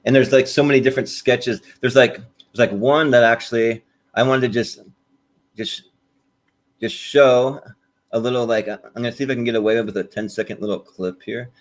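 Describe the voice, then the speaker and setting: A man's voice: mid-range voice, steady tone, moderate pace. A man co-hosting a podcast in casual chat, rambling with many fillers and restarts. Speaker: podcast co-host.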